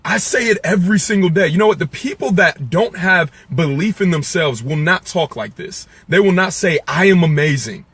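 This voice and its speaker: A man with a husky voice set a little high delivers a fired-up motivational talk on sales. He drives points home by repeating them and rises to loud preaching. Between those peaks he sinks into low, quiet asides. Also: lively intonation, normal speed, hardly any pauses, dry recording. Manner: preachy and emphatic, with repeated lines. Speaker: sales coach.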